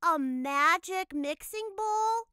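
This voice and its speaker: A cautious, clever little girl twin from a cartoon, as a woman puts her on. She sounds skeptical and slightly softer than her sister, still high and bright, speaking slowly. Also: very animated, dry recording, studio quality, exaggerated voice. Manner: skeptical, a bit dreamy.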